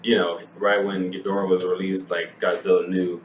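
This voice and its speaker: A man co-hosting a casual movie review podcast, retelling scenes in a lively way and acting out the characters' lines. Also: low-pitched, normal speed. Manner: animated retelling, acts out quotes, laughs often. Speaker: podcast co-host. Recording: echoey room, distant mic, faint noise.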